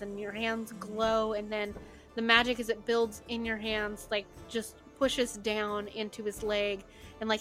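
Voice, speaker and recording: A woman's voice: mid-range voice, fairly bright tone. A woman narrating as game master, chatty and loose, full of "like" and "uh".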